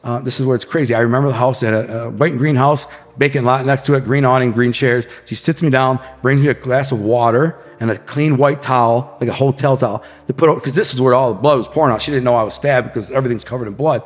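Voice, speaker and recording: A man from the Detroit area, a podcast guest, telling an intense story in a fast, casual way, often saying bro and man. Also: mid-range voice, steady tone, long reverb tail. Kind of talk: animated storytelling.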